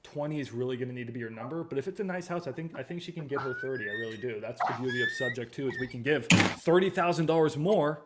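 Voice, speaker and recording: A man hosting a casual training livestream from a home studio, talking loosely with slang and quick restarts. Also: mid-range voice, slight background noise. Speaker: host of a real estate training livestream. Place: backup home studio at his father's house.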